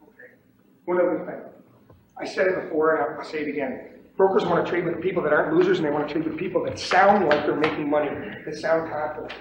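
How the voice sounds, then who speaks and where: Animated man lecturing in an echoey room. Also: on the high side, fast. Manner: animated, acts out pit shouts and mimics other traders. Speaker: trading instructor. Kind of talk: lecture to trainees. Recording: distant echoey room, dull lo-fi tape with faint hiss.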